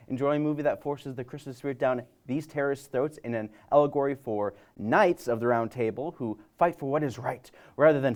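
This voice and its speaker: A man's voice: medium pitch, darkish tone. A man hosting a comedic movie preview segment, talking in a sarcastic, rambling way with many fillers. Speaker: host.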